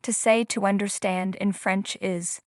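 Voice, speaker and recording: A woman calmly asks lesson questions and explains a rule in an even, instructional manner. Her voice sits in a middle range, and the sound is dry, with no reverb. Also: medium pitch, measured pace. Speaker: language teacher. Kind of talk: scripted lesson prompts and explanation.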